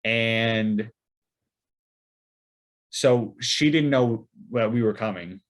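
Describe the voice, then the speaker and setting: A man's voice: fairly low pitch, drawn-out words. A young man, a podcast co-host, telling a rambling weekend story in casual chat with lots of fillers and restarts.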